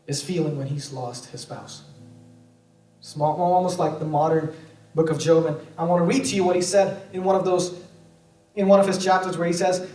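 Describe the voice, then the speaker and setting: A male pastor preaching a sermon with emotion, dropping to hushed tones and rising to raised pleas. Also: fairly high pitch. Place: church sanctuary. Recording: echoey church hall from a distance, soft music.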